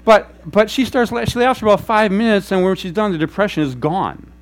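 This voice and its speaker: A man preaching a sermon as a pastor, telling stories in an animated way and acting out quoted voices. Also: sits high, fairly quick. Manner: animated storytelling, acts out quotes. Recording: faint mains hum.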